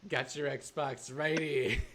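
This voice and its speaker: A man answering fan questions in a comedic video, sarcastic and exaggerated, breaking into laughing shouts. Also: mid-range voice, steady tone, slow pace, a loud crowd.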